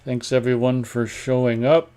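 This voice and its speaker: A man of middling pitch hosts a live stream, reading viewer comments aloud and riffing on them. He talks in a loose, rambling, offhand way and keeps stopping to clear his throat. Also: level tone, normal speed, warm tone. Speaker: host of a live online radio stream.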